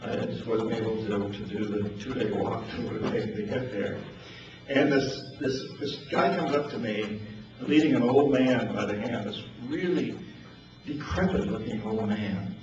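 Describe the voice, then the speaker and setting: A man's voice: on the low side, normal speed. Older man telling stories in an echoey room. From New Hampshire. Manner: anecdotal, chuckling, repeats words. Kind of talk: storytelling talk. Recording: echoey distant lo-fi with noise.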